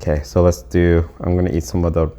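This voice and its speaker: A man's voice: sits low, level tone, quick pace, dark tone. A man co-hosting a home cooking video, talking through the cooking and tasting in an easygoing way. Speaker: cooking channel co-host. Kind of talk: casual chat while cooking and eating.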